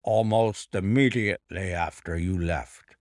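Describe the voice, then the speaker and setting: A man voicing a calm male doctor who answers gravely and briefly. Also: low voice, unhurried, no echo, studio quality, pitched below the performer's own voice.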